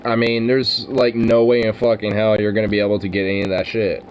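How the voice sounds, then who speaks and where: A man's voice: fairly low pitch, little pitch movement, fast talker, slight background noise, poor audio. A man in casual, profane podcast banter, rambling with lots of fillers and frequent laughs.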